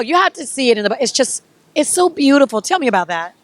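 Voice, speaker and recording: A woman's voice: a little high, lively intonation, quick pace, no echo. A woman interviewing an author in an effusive, gushing way. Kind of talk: casual enthusiastic interview.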